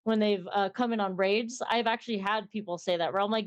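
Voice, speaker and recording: A woman's voice: mid-range voice, fairly even intonation, fast, few pauses, clear, resonant tone, lo-fi sound. A young woman streamer chatting casually in an interview, rambling and acting out little conversations in a lifted voice.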